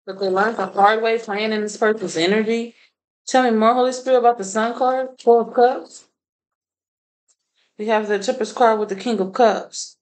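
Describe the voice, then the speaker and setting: A woman's voice: a little high, fairly even intonation, normal speed, rough recording. A woman doing a casual tarot reading, blunt and profane, laughing often. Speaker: tarot reader.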